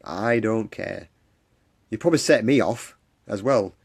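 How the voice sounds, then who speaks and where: A man's voice: fairly low pitch, measured pace, gravelly, breathy edge. A man hosting a live stream, giving an earnest, repetitive pep talk and answering viewers' comments. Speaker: live stream host for a support group. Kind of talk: encouraging livestream talk. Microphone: phone or webcam on a live stream.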